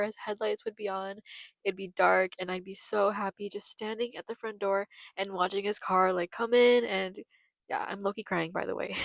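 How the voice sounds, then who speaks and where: Young woman podcast host, from the Philippines, chatty and sentimental storyteller, some vocal fry, dry recording. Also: mid-range voice, no room sound. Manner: chatty, nostalgic, emotional, lots of "like".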